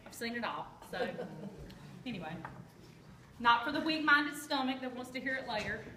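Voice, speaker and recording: A woman's voice: on the high side, animated, moderate pace. A woman giving a chatty, joking live cooking demonstration and quizzing her audience. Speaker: kitchen product demonstrator. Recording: echoey room with background noise.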